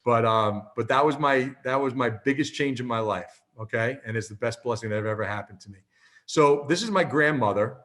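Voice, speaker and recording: Animated man in his fifties telling stories. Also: mid-range voice, brisk. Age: 50s. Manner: animated storyteller, peppers talk with "okay?". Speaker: presenter. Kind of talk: motivational talk with storytelling.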